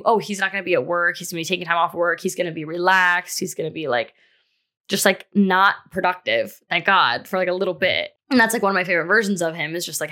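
Speaking fairly low in a pushed, bright voice, a young woman in her twenties opens up on her podcast about a breakup. It's a loose personal monologue, heavy on fillers, with a swear word here and there.

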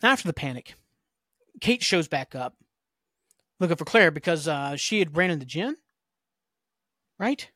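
A man's voice: a little high, sing-song, a little slow, long pauses, sharp tone, no room sound, clean studio sound. A man hosting a podcast, casually recapping a TV episode in a rambling way, with many fillers. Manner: rambling, filler-heavy storytelling. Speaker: podcast host.

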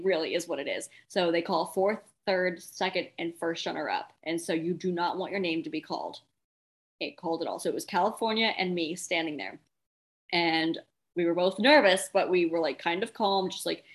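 A woman's voice: on the low side, brisk. A young adult woman, a podcast guest and pageant titleholder, telling a story casually, acting out quotes and laughing often. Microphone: podcast microphone.

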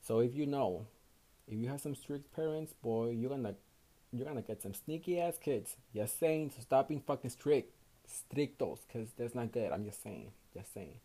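Fresh off a night shift and worn out, a young Houston man with a Mexican Spanish accent runs his casual solo podcast, cursing freely and mixing English with Spanish. He has a medium-pitched, warm voice with lively intonation and a moderate pace. He's from Houston, Texas, USA.

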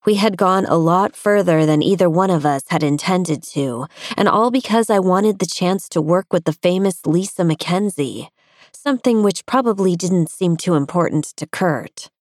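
A young woman reads a first-person romance in an intimate, confessional tone. Her voice is low-pitched, and the recording is dry and close with no room echo. The delivery stays personal and inward. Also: unhurried, darkish tone. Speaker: audiobook narrator.

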